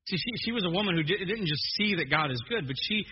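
A man's voice: sits high, fast talker, husky. Man preaching with humor in an echoey hall. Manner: joking, animated preaching with many restarts. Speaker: pastor. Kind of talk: sermon. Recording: dull muffled sermon recording in a long-echo hall.

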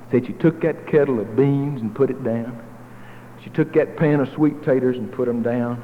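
A male pastor telling stories in a sermon, folksy with dramatic swings between loud and hushed, recorded in a church hall. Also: mid-range voice, fairly even intonation, normal speed. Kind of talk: sermon storytelling. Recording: tinny phone-like echoey hall, faint noise.

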